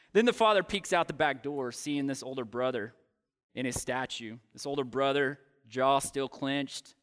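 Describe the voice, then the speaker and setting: Guy preaching, kinda high voice, acts the story out, big swings between loud and soft. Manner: dramatic, acts out the characters' lines. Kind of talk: sermon storytelling.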